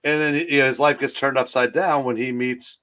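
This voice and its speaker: A man co-hosting a casual movie talk stream, rambling and halting with many restarts, talking into a streaming call mic. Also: medium pitch, fairly even intonation, a bit bright. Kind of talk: casual chat.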